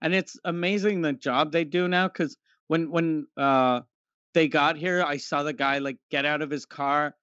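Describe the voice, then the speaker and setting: A slightly high male voice, chatting with crude, deadpan humor. The sound is close and dry, with a muffled, lo-fi edge. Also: moderate pace, clean tone, no room sound. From Canada. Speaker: podcast co-host. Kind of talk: casual comedic podcast chat.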